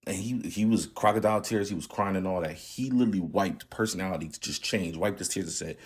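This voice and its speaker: A man's voice: deep voice, quick pace, a little mellow, breathy edge. A man in his thirties candidly retelling a family story in a casual, slangy vlog. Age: 30s. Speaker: channel host.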